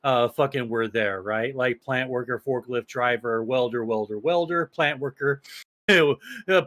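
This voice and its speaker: A young small-town man co-hosts a casual podcast, rambling through stories with lots of profanity, restarts and fillers. His mid-range voice has a fairly bright tone and runs a little slow.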